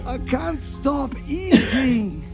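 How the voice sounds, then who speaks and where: A crude film henchman: gravelly, slow and swooping, film score underneath. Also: extremely high pitch, big pitch swings, music in the background, full character voice. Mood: boastful gross. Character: crude obese Scottish henchman, brash and boastful.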